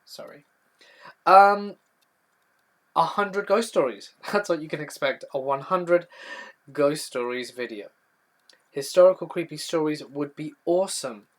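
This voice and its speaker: A man's voice: fairly high pitch, measured pace, pauses often. A young man hosting a live stream, chatty as he reads viewer questions from the chat and answers them one by one. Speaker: horror storytelling channel host.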